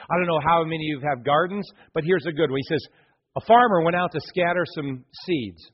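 Animated high-voiced male preacher, lo-fi. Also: a little fast, slightly rough. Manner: animated, conversational preaching with playful voices for quotes. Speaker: pastor. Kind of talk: sermon.

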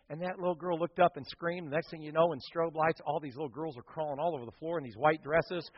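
Man, pastor, sermon, high-pitched, dramatic loud and soft swings, muffled sound, long hall reverb. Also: quick pace, husky. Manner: animated storytelling with dramatic swings in volume.

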